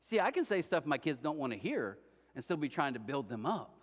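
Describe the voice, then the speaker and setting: A man's voice: fairly high pitch, fairly quick. A middle-aged man preaching a sermon as pastor, telling humorous stories and speaking directly to the congregation. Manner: lively humorous storytelling, addresses the congregation directly. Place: church auditorium. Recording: reverberant church hall.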